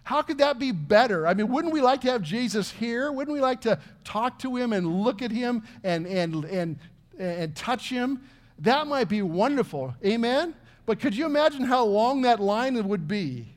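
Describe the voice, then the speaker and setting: High-voiced pastor preaching earnestly. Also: male voice, animated, normal speed. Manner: earnest, conversational preaching with rhetorical questions. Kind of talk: sermon.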